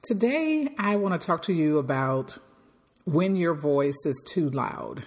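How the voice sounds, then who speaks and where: Low-voiced, emphatic woman podcast host. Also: lively intonation, a little slow. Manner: emphatic, projecting. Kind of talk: motivational podcast monologue.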